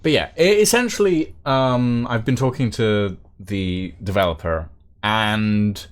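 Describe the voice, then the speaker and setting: A man's voice: on the low side, measured pace. A man chatting casually on a live stream, rambling with lots of fillers and restarts.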